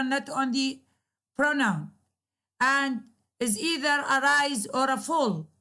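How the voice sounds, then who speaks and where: Slow, high-voiced woman lecturing. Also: pushed and bright. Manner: slow, repetitive explaining with examples. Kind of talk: recorded English grammar lecture.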